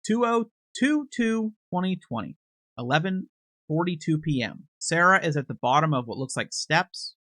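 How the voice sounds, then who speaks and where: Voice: mid-range voice, big pitch swings, moderate pace, a bit bright, dry recording, studio quality. A commentator casually recapping video footage in a conversational, hedging way, with frequent restarts and unsure asides.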